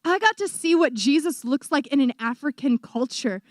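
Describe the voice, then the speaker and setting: A young woman in her twenties who is a missionary, giving an animated testimony to a church audience and acting out the voices she quotes. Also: high voice, moderate pace, no room sound, studio quality. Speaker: missionary speaker.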